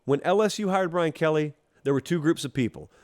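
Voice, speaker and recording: A man from Georgia hosting a college football show, talking straight to the fans in a teasing, animated monologue. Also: fairly high pitch, brisk. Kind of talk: casual opinion monologue.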